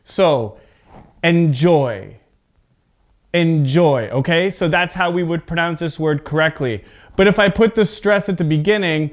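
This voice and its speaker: A man's voice: on the high side, clear, resonant tone. A man teaching an English pronunciation lesson. He is patient, often checks in with "okay?", and exaggerates word stress in his examples.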